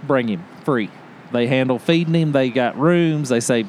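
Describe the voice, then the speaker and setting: A podcast host tells a long story in relaxed, casual chat. His voice sits at an ordinary male pitch. He is animated and quick to laugh, acting out other people's lines. A faint hiss runs under the recording. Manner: animated, laughs often, acts out quotes.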